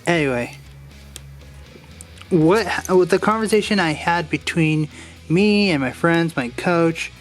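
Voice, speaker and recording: A man's voice: on the high side, slow pace, pauses often, soft background music. A man casually walking through a Lego build step by step, drifting off into a rambling personal story and restarting his sentences as he goes.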